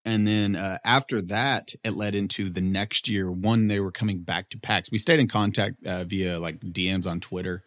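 Lively storytelling man with a low voice. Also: moderate pace, few pauses. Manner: animated, acts out quotes in a raised voice, swears, laughs often. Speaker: podcast co-host telling a story. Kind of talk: casual storytelling chat.

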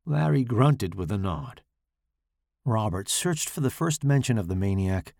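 A man reading a horror story aloud in a dramatic, expressive way. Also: on the low side, unhurried, creaky, dry recording, studio quality. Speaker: author and podcast host.

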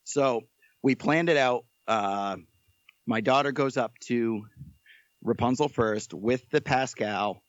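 A man guest on a podcast telling a story in a casual, animated, joking way. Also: mid-range voice, slow, dry recording, muffled recording.

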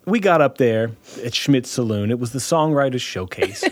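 A man's voice: medium pitch, animated, moderate pace. A man in a local band telling a rambling, profane story in casual chat, often laughing.

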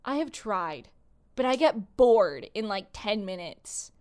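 A woman's voice: medium pitch, sing-song, slow pace, a little mellow, clean tone. A woman casually chatting about a movie with a co-host, wry and dismissive, repeating herself for emphasis. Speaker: podcast co-host.

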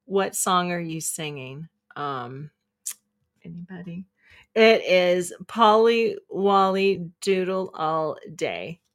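Slow-talking giggly woman streamer. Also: fairly low pitch. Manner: giggly, chatty, reads questions aloud to chat. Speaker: live stream host. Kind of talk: casual live trivia quiz with viewers.

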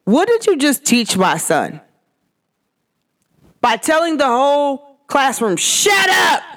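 Animated woman ranting on a podcast. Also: high voice, takes it slowly. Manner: animated, emphatic, ranting with rhetorical questions. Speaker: podcast host. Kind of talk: casual monologue.

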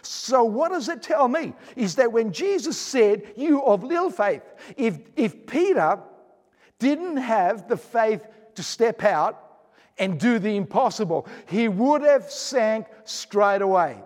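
A man preaching a sermon, slow and emphatic, stretching words and repeating phrases for weight. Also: high voice, sing-song, darkish tone. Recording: long hall reverb.

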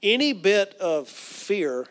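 Folksy preacher, man, earnest and slightly high-voiced, hushes for quoted prayers. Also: sing-song, takes it slowly. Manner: folksy, earnest, with asides and restarts; drops to a soft hush for quoted inner prayers. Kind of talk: sermon.

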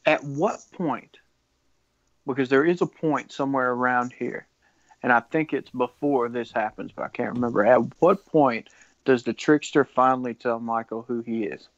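A man's voice: mid-range voice, moderate pace. A man co-hosting a laid-back movie podcast, retelling scenes in loose, profane talk. The recording sounds dry with no room echo and slightly muffled. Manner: casual, heavy swearing. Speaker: podcast co-host. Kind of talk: casual film discussion.

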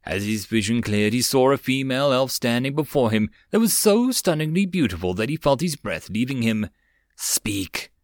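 Male audiobook narrator, steady storytelling, dry close recording. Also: medium pitch, fairly quick, few pauses, dry recording. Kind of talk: web novel audiobook reading.

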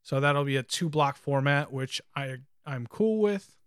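A man co-hosting a podcast, chatting casually and thinking aloud with many pauses and ums. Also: on the high side, clean tone, no room sound, clean studio sound. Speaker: podcast co-host. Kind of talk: casual chat about card games.

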